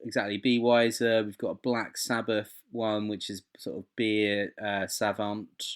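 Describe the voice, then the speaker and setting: Enthusiastic man, low voice. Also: level tone, measured pace, clear, resonant tone. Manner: enthusiastic, rambling. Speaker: podcast co-host. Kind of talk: casual chat.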